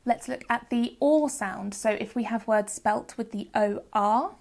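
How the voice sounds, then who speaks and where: A young woman from the UK hosting a phonics lesson, explaining patiently and sounding out examples slowly and clearly. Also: a little high, darkish tone. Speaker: phonics teacher and channel host. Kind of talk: educational video lesson.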